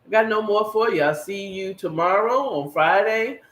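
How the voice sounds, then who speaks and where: A podcast host with a high-pitched, bit bright voice rambles emphatically at a moderate pace in casual solo commentary. He talks directly to his viewers, and the room is echoey.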